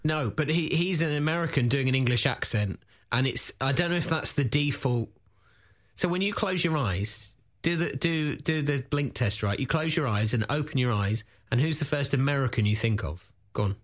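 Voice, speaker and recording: A man hosting a comedy podcast, teasing his co-host and rambling into quick plugs. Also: mid-range voice, expressive. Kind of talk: casual comedic chat and promo.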